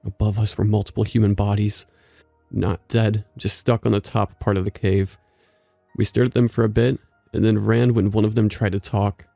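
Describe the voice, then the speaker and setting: A man narrating a scripted horror story in a steady, measured way. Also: fairly low pitch, gravelly, no echo, faint music behind.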